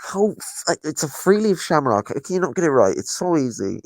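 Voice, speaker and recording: A man's voice: a little high, very animated, normal speed, no echo. An Irish man in casual political chat, rambling and swearing with lots of fillers. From Ireland. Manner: rambling, profane, many fillers.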